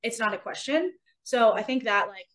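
A woman's voice: a little high, lively intonation, normal speed, fairly bright tone. A woman co-hosting a sports podcast in casual chat, talking earnestly and motivationally, repeating phrases for emphasis. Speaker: podcast co-host and athlete.

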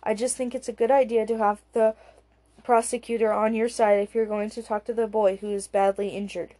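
A cautious colleague gives calm, reasoned advice, as a female narrator reads him. The voice is mellow and fairly high. He speaks in a persuasive, careful way. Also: a little fast, natural voice. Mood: measured.

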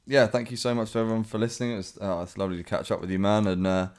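A man's voice: on the low side, flat delivery, rapid-fire. A man co-hosting a podcast, teasing his friend dryly, with frequent hesitations. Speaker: podcast co-host. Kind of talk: casual podcast chat.

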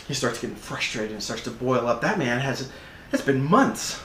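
A man's voice: mid-range voice, sing-song, normal speed, a bit bright, echoey room, slight background noise. A man preaching a sermon, telling the story vividly with frequent restarts, in a church. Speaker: pastor.

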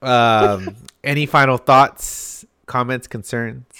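A man's voice: mid-range voice, slow, pushed and bright, clear, resonant tone. A man hosting a casual podcast chat, joking around, swearing freely and steering the talk. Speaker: podcast host.

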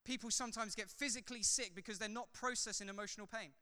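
A man who is a pastor, preaching a sermon in a church hall, swinging from loud fervor to soft, chatty asides. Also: high voice, fairly even intonation, fast, smooth. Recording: long hall reverb.

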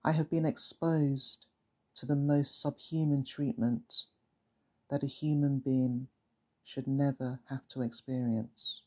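A narrator voicing a soft, pleading young woman. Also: mid-range voice, level tone, takes it slowly, husky. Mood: pained. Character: frightened young woman, trauma survivor.

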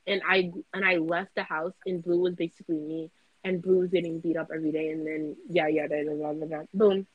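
A young woman on a casual podcast, telling a dream in an animated way, full of fillers. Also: lowish voice, no room sound, highs cut off. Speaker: podcast co-host, student. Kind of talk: casual chat, storytelling.

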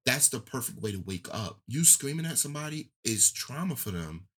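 A man's voice: brisk, breathy edge. A man, talking candidly and emotionally in casual conversation, his voice rising and falling as he tells a story. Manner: emotional, candid storytelling with lively pitch swings.

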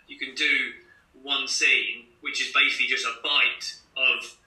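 A man's voice: medium pitch, little pitch movement, a little slow, bright, forceful tone. A man in his thirties from Scotland, chatting as a runner guest in an interview over a video call, laughing easily. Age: 30s. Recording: roomy and distant video call.

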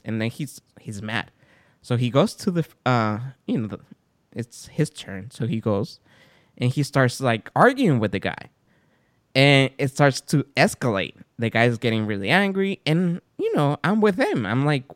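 A male podcast host tells a story in casual chat. His voice sits at a middle pitch but leaps up and down as he acts out quotes. The sound is close and dry, with no room in it. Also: lively intonation, moderate pace, no echo.

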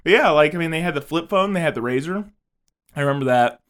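A young man chatting on a podcast, his voice sitting a little high and bouncing all over the place. He jokes crudely, laughs a lot and keeps it loose and casual. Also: animated, fast talker, fairly bright tone, clean tone. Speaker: podcast co-host. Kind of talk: casual chat.

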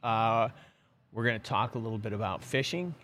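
This is a middle-aged male host of a subscription fishing show, talking casually on a live stream from his office and often filling pauses or restarting. His voice sits on the low side, a bit bright, at a moderate pace.

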